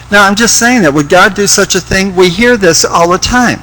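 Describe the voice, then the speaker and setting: A man's voice: high-pitched, lively intonation, moderate pace, pushed and bright, rough recording. A man leading an informal Bible study, reading scripture aloud and asking rhetorical questions in a conversational way.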